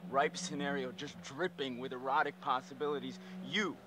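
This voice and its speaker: A man's voice: mid-range voice, steady tone, moderate pace, crowd noise, close to an everyday voice. An actor playing a cocky, crude young man who mocks his friend in a video game. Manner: mocking, boastful. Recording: game audio with background noise.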